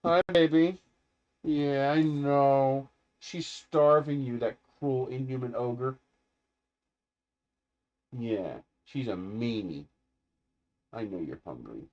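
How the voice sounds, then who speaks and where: Soft, drawn-out baby talk aimed at a hungry pet, as a man coos to it. The words come slowly and gently, at an ordinary male pitch. The sound is a little dull and muffled. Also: lively intonation. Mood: cooing.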